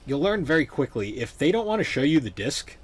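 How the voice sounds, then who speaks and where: A man's voice: a little high, big pitch swings, brisk. A young man hosting a podcast in laid-back, rambling casual chat. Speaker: podcast host.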